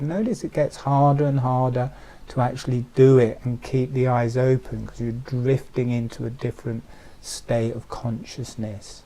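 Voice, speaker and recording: A man, a meditation teacher, giving slow, soothing guided breathing instructions. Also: medium pitch, little pitch movement, mellow, rough recording.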